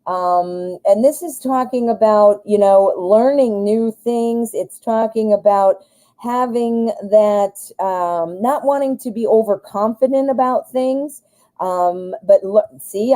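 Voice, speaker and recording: A woman's voice: mid-range voice, mellow, rough recording. A woman from the United States hosting a live-stream tarot reading. She rambles, thinks aloud with many fillers, goes off on tangents, and jokes at her own expense. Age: adult, married. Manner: self-deprecating humor, goes off on tangents. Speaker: tarot reader host.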